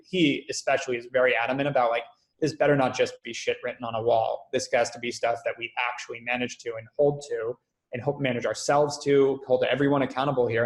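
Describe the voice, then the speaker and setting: A man, a company founder, being interviewed and telling stories in a lively way, acting out quoted dialogue. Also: medium pitch, roomy sound. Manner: fast, animated, acts out quoted dialogue. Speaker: guest, company founder and CEO. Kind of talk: conversational interview storytelling.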